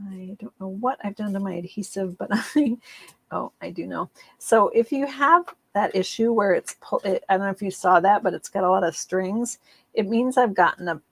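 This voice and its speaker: A woman's voice: medium pitch, gravelly, dry recording. A woman demonstrating card making in a casual live craft session, chatty and rambling, with frequent ums and laughs at her own slips.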